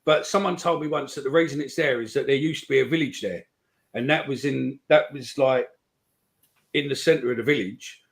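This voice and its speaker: A man's voice: medium pitch, moderate pace, gravelly, rough recording. A man co-hosting a fan call-in podcast, telling rambling stories in casual chat. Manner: rambling storyteller. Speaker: podcast co-host.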